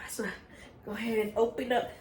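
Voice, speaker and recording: A woman's voice: on the high side, brisk, echoey room. A young woman gushing her way through a casual unboxing vlog, talking straight to her viewers. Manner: gushing, excitable, talks straight to viewers with "y'all". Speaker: vlogger.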